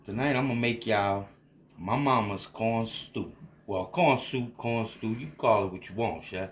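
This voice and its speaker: A man's voice: fairly low pitch, measured pace, roomy sound, a little hiss or hum. A tipsy man with a Louisiana Cajun accent, cooking and rambling in a folksy, drawling way for a casual cooking vlog. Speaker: home cook.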